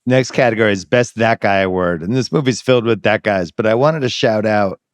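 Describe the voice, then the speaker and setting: A man's voice: lowish voice, a little fast, no room sound. A middle-aged man hosting a podcast, prompting his guest and introducing categories in casual chat. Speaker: podcast host.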